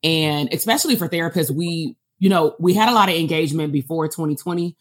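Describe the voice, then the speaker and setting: Low-pitched woman host, chatty coaching tone, casual interview. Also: fast talker. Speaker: podcast host.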